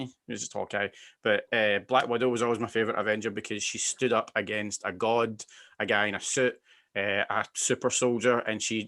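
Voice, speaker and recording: A Scottish man hosting a casual film chat, giving emphatic, animated opinions. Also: fairly low pitch. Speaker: podcast host.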